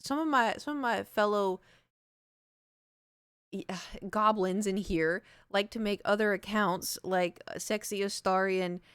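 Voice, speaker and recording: A woman's voice: mid-range voice, a little slow, fairly bright tone, smooth, dry recording. Young female streamer, rambly and self-mocking, chatty fillers, dead-dry studio mic. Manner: rambling, self-deprecating, laughs often, many fillers. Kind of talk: casual live-stream chat. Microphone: large studio microphone.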